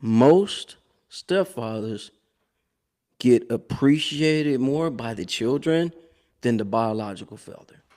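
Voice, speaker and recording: A man, hosting a live show with a casual, animated commentary monologue that repeats phrases and laughs often. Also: mid-range voice, takes it slowly.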